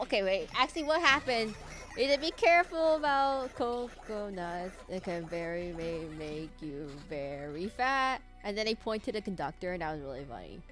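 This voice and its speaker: With a mid-range, slightly bright voice, this woman streams a game while rambling in a goofy way. She laughs a lot and hums or sings snippets throughout her casual gameplay commentary.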